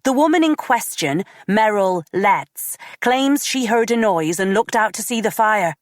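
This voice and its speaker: A woman narrator voicing a brisk female police officer who reports the facts. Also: medium pitch, lively intonation, no echo, clean studio sound, voice pushed up, natural voice. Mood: urgent.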